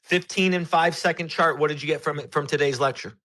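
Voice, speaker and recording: A man hosting an online audio chat, brisk and upbeat as he moves callers along. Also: fairly high pitch, bright, forceful tone. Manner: brisk, upbeat, keeps things moving. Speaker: host.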